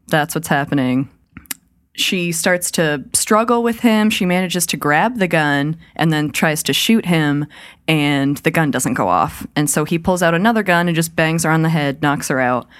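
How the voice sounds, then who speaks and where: Low, smooth woman's voice, casual podcast storyteller, dry close sound. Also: measured pace, no echo. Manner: relaxed storytelling with frequent "like" fillers. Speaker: podcast co-host presenting horror news.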